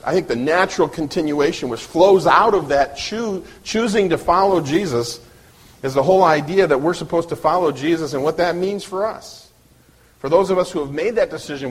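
Husky-voiced male preacher. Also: on the high side. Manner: earnest, restarting and repeating words. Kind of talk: sermon.

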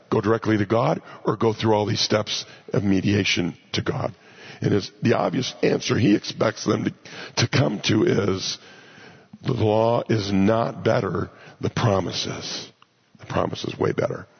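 A man teaching the Bible verse by verse in a conversational way, pausing to ask his listeners rhetorical questions. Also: lowish voice, vocal fry, husky. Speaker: pastor. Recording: dull lo-fi recording.

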